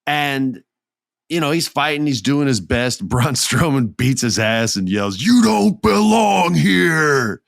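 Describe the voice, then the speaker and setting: A middle-aged man hosting a casual wrestling podcast, telling stories in an animated way and acting out the people in them. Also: medium pitch, measured pace, no room sound, studio quality. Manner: animated storytelling with character voices. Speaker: podcast host.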